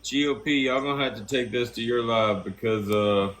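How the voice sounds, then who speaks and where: A man's voice: medium pitch, normal speed, fairly bright tone, slight background noise. A man in a casual livestream chat, telling stories in a laid-back, profane way.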